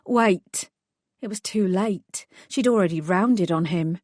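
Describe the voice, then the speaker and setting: A woman narrating first-person fiction in an even, clear storytelling manner, recorded in a studio. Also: on the low side, unhurried, dry recording. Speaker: audiobook narrator.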